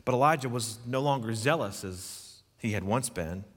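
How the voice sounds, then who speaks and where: A man's voice: mid-range voice, normal speed, big-room sound. A man preaching a sermon, earnest and emphatic, putting questions to his listeners. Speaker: pastor.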